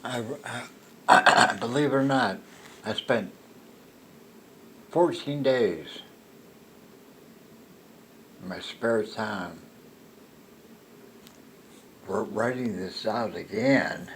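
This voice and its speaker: An older man telling a personal story in a slow, rambling monologue, halting with restarts. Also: lowish voice, a little hiss or hum. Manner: halting, with restarts and soft laughs. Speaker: storyteller recounting a personal encounter.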